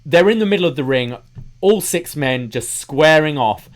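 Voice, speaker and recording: A man co-hosting a casual wrestling podcast, measured as he recaps dates and venues. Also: on the high side, animated. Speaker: podcast co-host.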